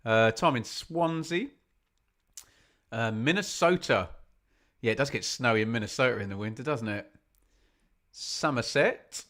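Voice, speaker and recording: A man hosts a live football watch-along stream, reading out where his viewers are watching from. He talks in a chatty, self-deprecating way, and his voice sits at a middling pitch. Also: unhurried, long pauses, fairly bright tone. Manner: chatty, self-deprecating, reads out chat messages.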